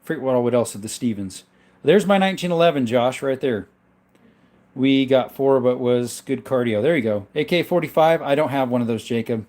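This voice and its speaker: With a medium pitch, normal speed, and a darkish tone, a man hosts a relaxed livestream featuring his gun collection. He reads out chat names in a rambling way and coughs from time to time because he's ill.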